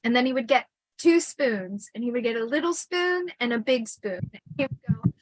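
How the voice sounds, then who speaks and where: A woman hosting a casual storytelling livestream, chatty and animated with lots of fillers. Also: a little high, moderate pace, no echo, low-quality recording. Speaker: host.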